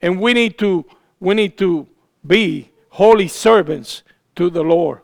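Man, preacher, sermon, emphatic, repetitive stress, high voice, gravelly. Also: takes it slowly. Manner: emphatic, repeats phrases for stress.

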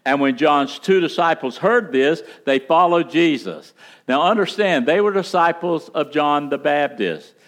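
A man preaching a sermon in a church, stressing key words and slowing down to drive points home. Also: expressive, fairly bright tone. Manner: emphatic, rising pitch on key words, slows for emphasis, folksy asides. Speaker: pastor. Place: church sanctuary.

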